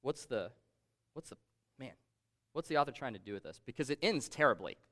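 Male pastor, mid-range voice, casual sermon delivery that swings between loud and soft. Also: mid-range voice, lively intonation, fairly quick. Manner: conversational preaching, reads scripture aloud, dynamic emphasis.

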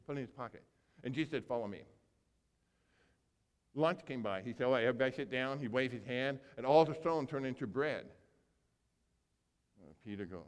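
A man preaching a sermon as pastor, telling a story with animated acting-out of characters and big swings between loud and soft. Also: mid-range voice, moderate pace, pauses often, smooth. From grew up on a small farm. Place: church sanctuary. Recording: long hall reverb.

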